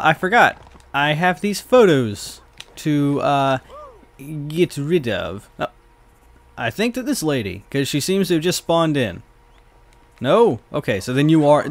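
A man giving casual gameplay commentary, chatty and prone to swearing as he reacts to the game. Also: a little high. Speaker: let's play host.

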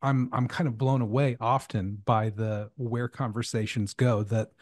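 A male podcast host speaking in a halting, reflective way, often repeating words as he thinks. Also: medium pitch, fairly even intonation, no echo, clean studio sound. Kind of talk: casual interview chat.

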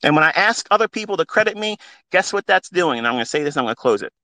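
Racing along in a sing-song voice that's a little high and sharp in tone, a middle-aged trading mentor talks into his phone with no room sound. He's hosting a live audio space. His unscripted, heartfelt monologue is passionate and preachy, with blunt swearing.

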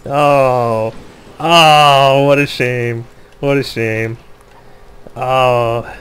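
A man casually commenting on his own gameplay, laughing often, joking and excitable, with faint noise behind him. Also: mid-range voice, extremely slow, smooth.

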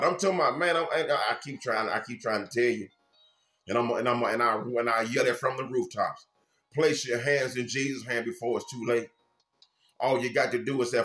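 A man, a minister, preaching an informal sermon with fervent, repetitive phrasing and sudden loud bursts. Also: mid-range voice, a little fast, reverberant.

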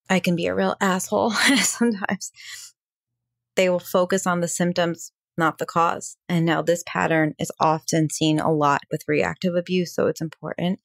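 Earnest woman coach with a lowish voice. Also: steady tone, moderate pace, vocal fry, no room sound, clean studio sound. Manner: earnest and candid, with frequent "like" fillers and occasional swearing. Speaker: podcast host and emotional abuse coach. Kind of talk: casual podcast monologue.

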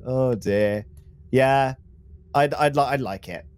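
A man's voice: mid-range voice, slow pace, smooth, no room sound. A man co-hosting a modded game let's play, chatting casually and laughing often. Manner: animated, laughing often, playful. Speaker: co-host of a gaming channel. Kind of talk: casual gameplay chat.

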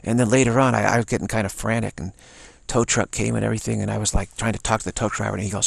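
A gravelly, husky-voiced American man talks quickly in a fairly low pitch, sharing his own views through an emphatic, repetitive, rambling monologue with frequent restarts, recorded dry.

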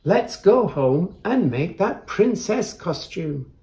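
A man's voice: high voice, big pitch swings, slow, darkish tone, pitched above the performer's own voice, full character voice. A man voicing a cheerful old grandmother in a children's story.

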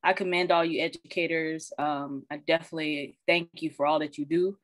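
A woman's voice: sits low, brisk, no echo. Candid colloquial woman, dry sound. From Arizona. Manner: candid, colloquial, animated when quoting others. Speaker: parent and social worker. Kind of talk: casual chat. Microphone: video call.

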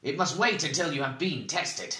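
A man's voice: fairly high pitch, expressive, normal speed, bright, forceful tone, echoey room, voice pushed up. A man voicing a stern, cunning bald male interrogator who gives clipped, commanding orders.

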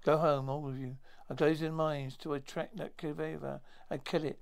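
A man voicing a burly male alien leader who speaks loudly and commandingly. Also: fairly high pitch, flat delivery, moderate pace, gravelly, clear, resonant tone. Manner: loud, commanding.

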